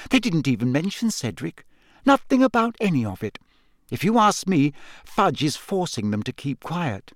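A man reading aloud and voicing a clever, eager teenage schoolgirl who speaks briskly and knowingly. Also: on the high side, big pitch swings, no echo, studio quality, pitched above the performer's own voice.

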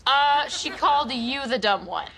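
An actress playing a sardonic young waitress in a sitcom, delivering deadpan, sarcastic put-downs. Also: female voice, high voice, measured pace, creaky, a faint crowd, full character voice. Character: sardonic young female waitress and business partner. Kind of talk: sitcom acting.

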